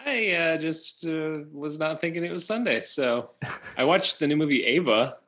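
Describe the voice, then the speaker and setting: A man joining a casual podcast, speaking in a hesitant, low-key way. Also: moderate pace, a bit bright. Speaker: podcast guest.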